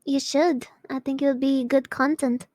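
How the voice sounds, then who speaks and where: A woman's voice: high-pitched, little pitch movement, a little mellow, dry recording, studio quality. A woman, chatting playfully on a stream and often drawing words out into whines and hums. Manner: playful, drawn-out whining and humming. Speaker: guest streamer. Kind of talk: casual stream chat.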